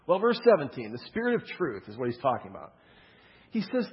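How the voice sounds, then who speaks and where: A man's voice: medium pitch, a little fast. A man preaching a sermon in a loose, conversational way, often checking in with the audience. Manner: casual, energetic preaching with frequent "okay?" check-ins. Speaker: pastor. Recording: dull sound with long hall reverb.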